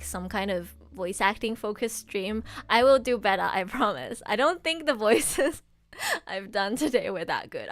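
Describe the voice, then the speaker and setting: A young woman streamer and voice actress chatting casually and gushing excitedly, laughing often. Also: mid-range voice. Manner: gushing, excitable fan talk with frequent laughs.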